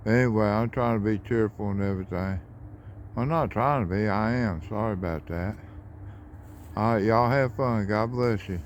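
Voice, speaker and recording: A man, talking casually in a flat, monotone way while filming trains outdoors on a phone. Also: fairly low pitch, normal speed, slight background noise. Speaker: railfan vlogger. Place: outdoors by railroad tracks at dusk.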